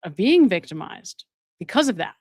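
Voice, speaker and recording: A woman's voice: mid-range voice, very animated, normal speed, darkish tone, no echo, clean studio sound. A woman hosting a live stream. She reads out viewer donations and gives commentary, repeating phrases for emphasis. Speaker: host and addiction counselor.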